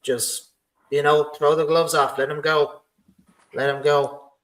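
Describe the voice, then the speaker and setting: A man's voice: fairly high pitch, level tone, unhurried, fairly bright tone, poor audio. Rambling man, podcast host, lots of fillers. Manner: rambling, heavy "you know" fillers. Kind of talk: casual podcast chat.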